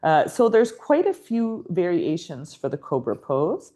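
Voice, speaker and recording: A woman's voice: lowish voice, sing-song, unhurried, warm tone. A woman teaching a yoga teacher training class, explaining in a chatty way and laughing often.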